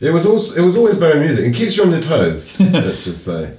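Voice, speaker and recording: A man's voice: on the high side, wildly swooping pitch, fast, mellow. A man chatting in an amused way, laughing between stories. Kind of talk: casual chat. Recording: roomy, distant, noisy.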